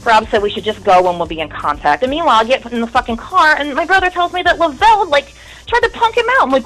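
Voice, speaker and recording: A woman's voice: high-pitched, expressive, fast, fairly bright tone, low-quality recording. A woman in her thirties, a musician guest in an interview, telling a long story in a candid, rambling, profane way.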